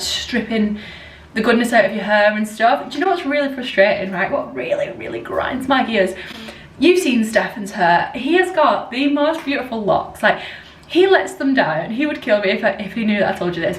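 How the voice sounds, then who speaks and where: A woman's voice: on the high side, distant mic, slight background noise. A woman vlogging at home, chatting casually and rambling with lots of "like" as she talks to the camera. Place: at home indoors. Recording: roomy sound from off-mic.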